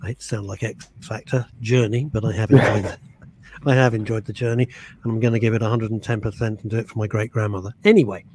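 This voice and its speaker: A man's voice: on the low side, fairly even intonation, fast talker, a little mellow, a little hiss or hum. A man co-hosting a podcast, speaking in a wry, self-deprecating way. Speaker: podcast co-host. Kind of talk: casual podcast chat.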